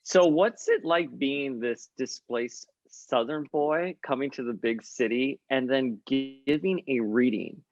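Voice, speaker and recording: A man with a Miami accent, Spanish his first language, hosting a casual podcast chat. He speaks at a mid pitch, playful and quick to laugh. The recording sounds muffled and dry, with no room echo. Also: a little mellow. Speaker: podcast host.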